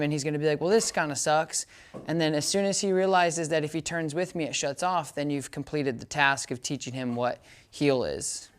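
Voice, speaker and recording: A woman dog trainer giving a hands-on lesson in a casual, chatty way, often checking that her listener follows and breaking into short upbeat praise commands for the dog. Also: low voice. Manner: casual explainer, keeps checking "does that make sense?".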